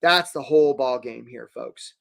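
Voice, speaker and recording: A man hosting a live career webinar, energetic and jokey, acting out quick little quoted voices. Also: mid-range voice, vocal fry.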